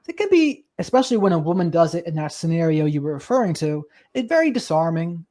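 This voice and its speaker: A podcast host interviewing a guest, agreeing warmly and sharing personal experience in conversation. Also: mid-range voice, very animated, quick pace. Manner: agreeable, affirming, opening up.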